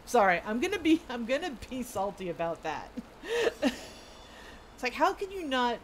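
A woman's voice: a little high, very animated, a little slow, pauses often, a little hiss or hum. Chatty woman streamer narrating gameplay. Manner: chatty, rambling, self-amused. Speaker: gaming streamer. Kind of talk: casual gameplay commentary.

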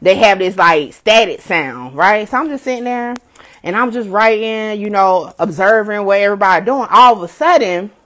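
A woman blogger recounts events in loose, casual talk. She swears freely and doubles back on her own phrases for emphasis. Her voice sits at an ordinary middle pitch. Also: normal speed. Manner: animated, profane, repeats herself for emphasis. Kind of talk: casual livestream storytelling.

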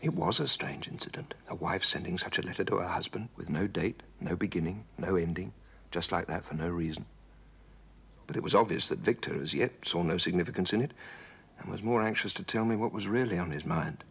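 Deep gravelly guy narrating a 70s tv play, slow and serious, kinda husky. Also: a bit bright. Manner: measured, grave storytelling. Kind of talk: 1970s television drama narration.

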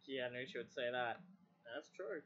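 Talking casually to a voice assistant they're testing, a user repeats their commands and mutters curses. Their fairly bright, mid-range voice moves at a moderate pace. The recording is dull lo-fi, with the speaker positioned away from the mic.

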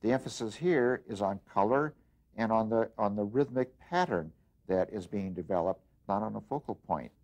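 A man teaching an art lesson, explaining design principles in an unhurried way as he works, with frequent pauses and restarts. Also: fairly low pitch, animated, darkish tone, a little hiss or hum. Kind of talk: demonstration lesson.

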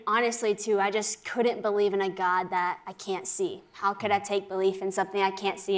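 A young American woman giving a lively, earnest faith testimony as a TV interview guest. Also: medium pitch. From United States. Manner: animated storyteller, quick and earnest.

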